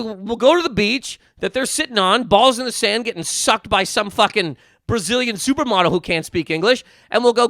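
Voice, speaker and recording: High-voiced man in a profane rant. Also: gravelly, a bit bright, dry recording, clean studio sound. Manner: heated, profane, ranting with many restarts. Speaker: podcast host.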